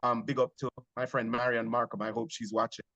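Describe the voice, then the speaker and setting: A man from Jamaica with a Jamaican accent, a theater actor telling stories in an interview, animated but hesitant. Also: mid-range voice, brisk, no echo, dull audio. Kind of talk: conversational interview.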